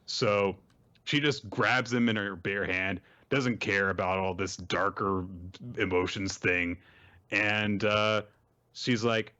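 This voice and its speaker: Male podcast host, casual, lively storyteller; slightly dull audio. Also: lowish voice, measured pace. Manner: animated, jumps into silly character voices for quotes. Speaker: podcast host recapping manga. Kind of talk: casual chat, summarizing with voiced quotes.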